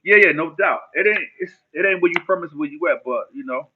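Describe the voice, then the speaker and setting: A man's voice: fairly high pitch, a little fast, noisy background. A man from New Jersey casually chatting with viewers on a livestream in loose street slang, answering their questions. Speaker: livestream host. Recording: phone-like narrow band.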